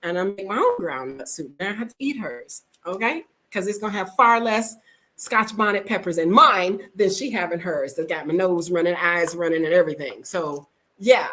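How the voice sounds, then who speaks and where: A woman's voice: fairly low pitch, moderate pace, poor audio. A middle-aged woman vlogging, telling stories casually and frankly and acting out the people in them. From United States. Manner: animated, frank, acts out the people in her stories. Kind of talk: casual storytelling to camera.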